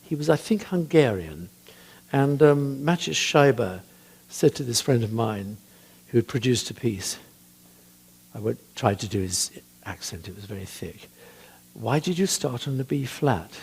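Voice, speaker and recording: An older man with a husky voice, a church composer telling chatty anecdotes about music, hesitant with frequent ums. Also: medium pitch, lively intonation, normal speed, darkish tone. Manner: chatty, hesitant with many ums, laughs at his own stories. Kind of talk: anecdotal talk.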